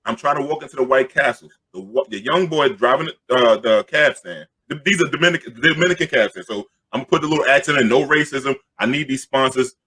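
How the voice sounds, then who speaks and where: A middle-aged man from Queens, telling an animated, jokey story and loudly acting out the crowd. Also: mid-range voice, fast talker, hardly any pauses, slightly rough. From Queens, New York.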